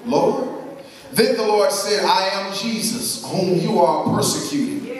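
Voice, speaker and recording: A man preaching a church sermon, reading scripture aloud and calling on the congregation to answer back. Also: high-pitched. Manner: call-and-response, drawn-out emphatic reading. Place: church sanctuary. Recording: very echoey church, mic at a distance.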